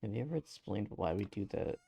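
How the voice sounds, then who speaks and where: A man giving casual gameplay commentary on a stream, low-key and subdued, muttering playful sing-song asides. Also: lively intonation, brisk, creaky, mellow, a little hiss or hum.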